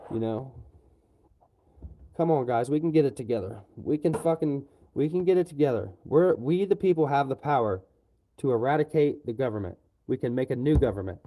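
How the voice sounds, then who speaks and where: A man streaming live, holding forth on politics in a repetitive, profane rant. His voice sits at a middling pitch with a dark, mellow tone, and he keeps tacking on "you know" to his lines. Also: rough recording. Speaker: livestreamer. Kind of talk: angry political rant on a livestream.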